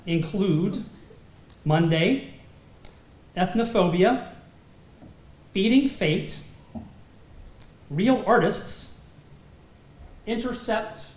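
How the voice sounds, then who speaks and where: A man with a high-sitting, reverberant voice emcees a film festival awards dinner in an event hall, handing out prizes with light jokes and easy laughs between lines.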